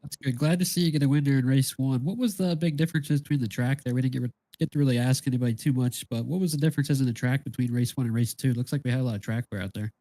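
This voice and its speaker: A man commentating from the booth, interviewing drivers after a race in a quick, upbeat, friendly way. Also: mid-range voice, warm tone, no room sound.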